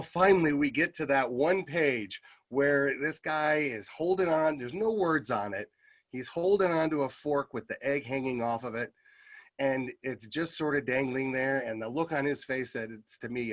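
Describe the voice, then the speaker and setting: A middle-aged man with a husky, slightly breathy voice speaks to a convention audience. He tells a lively story with lots of "uh"s and asides, and his pitch sits in an ordinary middle range. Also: normal speed. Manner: lively anecdotal telling with many fillers. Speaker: Kiwanis club member giving a convention message. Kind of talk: storytelling speech.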